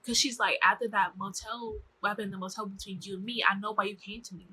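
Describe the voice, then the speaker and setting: Fast and with few pauses, a young vlogger breezes through a casual TV show recap, slangy and lively as she acts out what the characters say. Her mid-range voice has a breathy edge, and the recording is rough.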